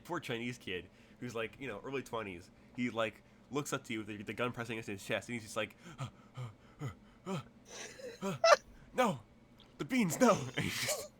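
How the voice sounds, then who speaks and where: A man's voice: mid-range voice, pushed and bright, a little hiss or hum. A man narrating a tabletop game as game master, rambling with many fillers and restarts.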